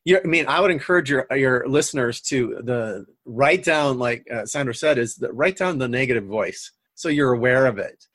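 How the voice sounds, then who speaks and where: A man's voice: mid-range voice, normal speed, a bit bright, no echo. A middle-aged man, a coach and guest on a radio talk show, speaking earnestly and rambling with many fillers. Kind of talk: casual interview chat.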